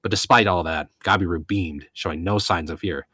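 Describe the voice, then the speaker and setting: A man from Colorado reading a light novel aloud in steady narration, now and then correcting himself. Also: sits low, moderate pace, breathy edge, no echo.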